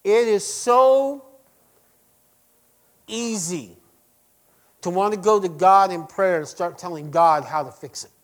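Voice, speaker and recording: Middle-aged pastor guy preaching, fairly high voice, gets loud then drops real soft, asks the crowd stuff. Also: slow pace, long pauses. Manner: dynamic preaching, shifts between loud emphasis and soft quiet lines; asks the congregation questions directly. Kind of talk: sermon.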